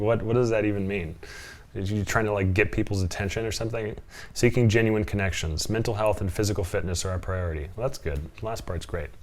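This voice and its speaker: A man reading dating profiles aloud and mocking them sarcastically with frequent chuckles, in a casual reaction vlog. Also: fairly low pitch. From from Portland area.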